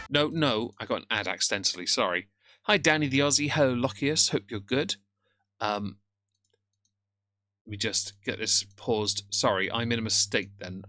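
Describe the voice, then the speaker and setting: Chatty, bright-voiced male streamer. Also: medium pitch, dry recording. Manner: rambling, chatty, greets chat, stammers at times. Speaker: live streamer. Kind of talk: casual live-stream commentary.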